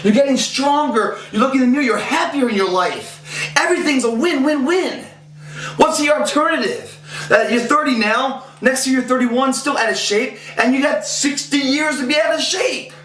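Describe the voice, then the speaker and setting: A man's voice: very high-pitched, normal speed, a bit bright, roomy sound, slight background noise. A man in his thirties giving a casual motivational fitness talk, intense and profane, rambling, his voice rising when he gets fired up.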